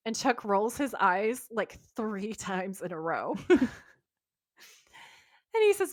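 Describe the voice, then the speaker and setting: A woman's voice: medium pitch, lively intonation, slow, pauses often, dry recording, clean studio sound. A woman co-hosting a podcast, reading a TV episode recap aloud, acting out the lines and laughing as she goes. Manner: reads scene notes aloud, mimicking lines, laughing often. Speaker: podcast co-host.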